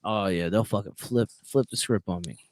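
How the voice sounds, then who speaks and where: A man's voice: on the low side, normal speed. Profane man telling prison stories. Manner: profane storytelling with swings in loudness. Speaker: prison sergeant and podcast guest. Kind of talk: casual podcast chat.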